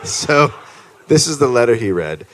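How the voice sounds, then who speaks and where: A man's voice: mid-range voice, sing-song, a little slow, background noise. A man hosting a live comedy podcast, reading a history story aloud to an audience. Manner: reads a history story aloud, breaks into silly sound effects. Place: live stage in front of an audience.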